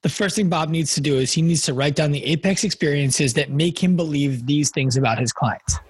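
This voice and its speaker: Male host, raspy, breathy voice, slightly higher pitch, dry close sound, asks brief follow-up questions. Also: fairly quick, no room sound. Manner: asks short clarifying questions. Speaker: podcast host. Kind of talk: conversational interview.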